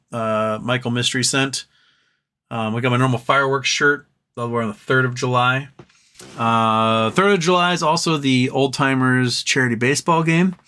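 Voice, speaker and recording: A man chats casually on a live stream from home, replying to comments from viewers and trailing off into rambling asides. He has a mid-range voice that sounds bright and forceful.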